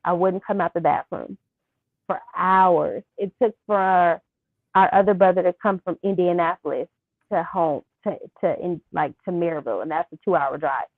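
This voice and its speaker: Soft-spoken woman on a thin phone-like line. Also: on the low side, no echo. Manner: soft-spoken, halting with fillers. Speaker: guest. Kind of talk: interview, personal story.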